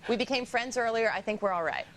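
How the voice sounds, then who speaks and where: A woman's voice: a little high, quick pace, noisy background. A woman presenter reading a preview of tonight's tech show, then joking with the host. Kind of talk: scripted TV preview read. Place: TV studio.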